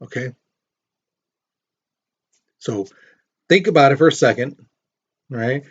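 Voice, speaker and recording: In a relaxed history lesson, a male teacher speaks slowly at medium pitch with a breathy edge. He tells it as a story, performs quotes, and asks his students questions. The highs in the recording are cut off.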